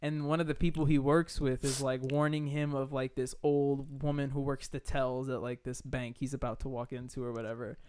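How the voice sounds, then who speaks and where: A man's voice: mid-range voice, level tone, a little fast, hardly any pauses, a little mellow, a little hiss or hum. A man in his twenties from Queens, New York, co-hosting a podcast and telling stories loosely, with lots of filler words and laughter. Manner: loose storytelling with many likes and laughs. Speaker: podcast co-host. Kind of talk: casual podcast chat.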